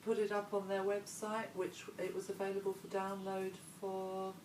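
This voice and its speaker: A woman's voice: medium pitch, monotone, moderate pace, darkish tone, slight background noise. A woman, chatting as an interview guest in a rambling, conversational way. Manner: chatty, meandering, trailing asides. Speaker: interview guest, former model. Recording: echoey room, voice picked up from a distance.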